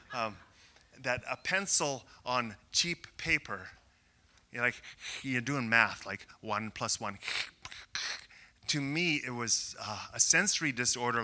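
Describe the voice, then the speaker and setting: An older man from Canada preaching a sermon, telling a self-deprecating story with rising excitement. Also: mid-range voice. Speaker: pastor.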